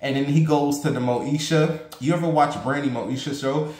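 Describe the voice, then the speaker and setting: A man chatting casually to his viewers, rambling fast and excitedly with blunt, profane humor. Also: on the high side, roomy sound. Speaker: vlogger.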